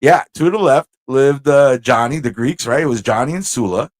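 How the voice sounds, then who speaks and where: Casting: New York-accented male host, animated storyteller, mid-range voice, dry close sound. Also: mid-range voice, moderate pace, no room sound. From Corona, Queens, New York. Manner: animated, acts out quoted voices, laughs often. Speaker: livestream host. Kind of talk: casual storytelling.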